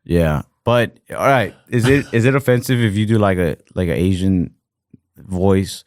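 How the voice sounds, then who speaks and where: A man's voice: sits low, measured pace, no room sound, studio quality. A young American man co-hosting a casual comedy podcast, rambling with lots of "like" fillers. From United States. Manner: rambling, heavy on fillers like "like" and "fucking". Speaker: podcast co-host.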